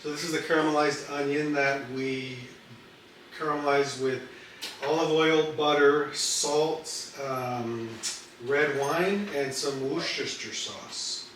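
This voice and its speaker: A man hosting a cooking video, chatting in a relaxed, rambling way as he builds sandwiches. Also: a little high, slow pace, a little hiss or hum. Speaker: cooking channel host. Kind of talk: casual cooking chat. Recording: very echoey room, mic far off.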